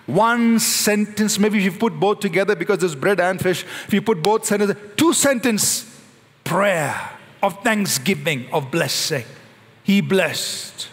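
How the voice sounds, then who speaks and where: Male pastor, high voice, animated sermon delivery, big echoing church. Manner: animated preaching, slowing and rising on quoted prayers. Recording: long hall reverb.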